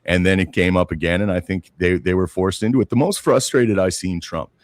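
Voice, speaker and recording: A man's voice: sits low, brisk, dry recording, studio quality. A man co-hosting a podcast, talking politics casually, often saying "man" and retelling events with animation. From Canada. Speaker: podcast co-host.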